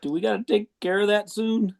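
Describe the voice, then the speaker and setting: A man voicing an anxious male team member asking hurried, worried questions. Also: sits high, steady tone, creaky, darkish tone.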